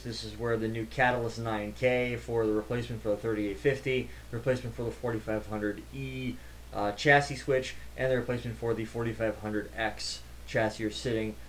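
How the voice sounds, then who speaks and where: A man's voice: mid-range voice, slight background noise. Chatty man recapping a conference. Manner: rambling, chatty, lots of fillers and restarts. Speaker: network engineer vlogger. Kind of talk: casual recap vlog.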